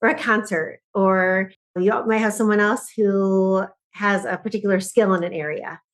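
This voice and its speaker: A middle-aged woman, a podcast guest who speaks on joy and laughter, telling stories in lively conversation and often laughing. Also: mid-range voice, moderate pace. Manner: animated storyteller, often laughing.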